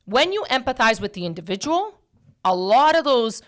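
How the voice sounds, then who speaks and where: A woman's voice: a little high, sing-song, normal speed. A woman in casual podcast chat, talking emphatically and bluntly, repeating phrases for stress.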